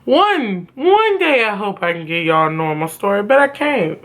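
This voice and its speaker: Bright-voiced woman telling a profane story. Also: mid-range voice, big pitch swings, normal speed. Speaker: vlogger. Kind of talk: casual storytime vlog.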